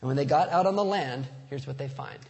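A man's voice: mid-range voice, fairly quick, vocal fry, darkish tone. A man preaching a sermon as pastor, casual and conversational, slipping in jokes. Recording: long reverb of a large hall.

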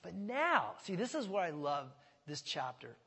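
A man preaching an expository sermon in an animated, conversational and emphatic way. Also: high voice, a little slow, slightly rough, long reverb tail. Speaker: pastor.

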